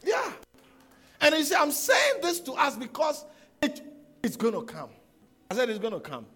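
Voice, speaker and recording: Pastor, male, high lively voice, repeats and questions the congregation in a sermon. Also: moderate pace, soft background music. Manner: emphatic, repeats phrases and asks rhetorical questions. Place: church service before a congregation.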